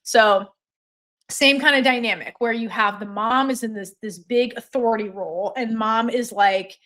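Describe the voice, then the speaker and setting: A woman's voice: fairly high pitch, moderate pace. A woman co-hosting a podcast in casual chat, retelling scenes with acted-out lines and swearing freely. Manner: animated retelling, swears freely, acts out characters. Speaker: podcast co-host.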